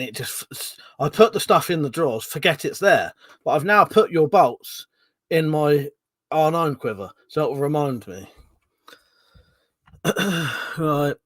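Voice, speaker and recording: Over a dry recording, a livestream host with a slightly high voice chats casually, wandering from topic to topic. He swears freely, laughs a lot, and welcomes viewers by name.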